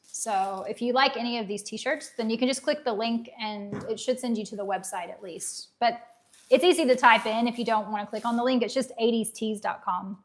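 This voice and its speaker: Brisk and on the high side, a woman from Tennessee runs a casual livestream with a light Southern accent. She's upbeat and talkative, laughs easily, and reads her viewers' comments aloud.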